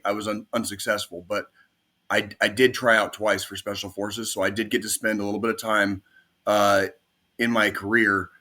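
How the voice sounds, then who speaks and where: A man who served in the Army talks loosely on a podcast, doubling back and repeating words. His voice is bright and forceful. He drops in dry jokes as he goes. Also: on the low side. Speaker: podcast co-host, Army veteran. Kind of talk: casual chat.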